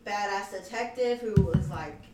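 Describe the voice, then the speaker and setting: A young woman co-hosting a casual podcast at home gushes and swears, repeating herself. She speaks at medium pitch and normal speed, recorded in an echoey room with the mic far off and a faint background hiss.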